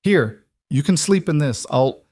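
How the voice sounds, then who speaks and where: A man reading a storybook voicing a plain-spoken lone rancher, calm and firm. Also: a little high, measured pace, husky, dry recording, studio quality, voice pushed up. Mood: gentle.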